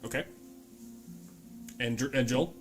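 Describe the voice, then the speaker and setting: A man running a tabletop game as game master, talking in a relaxed, chatty way with many fillers. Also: mid-range voice, a little slow, faint music behind.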